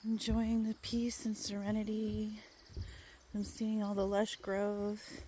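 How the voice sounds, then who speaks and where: A woman's voice: mid-range voice, monotone, slow pace, warm tone, slight background noise. A woman narrating a casual hiking vlog in a gushing, enthusiastic way, recorded on a handheld phone on an outdoor forest trail. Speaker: vlogger.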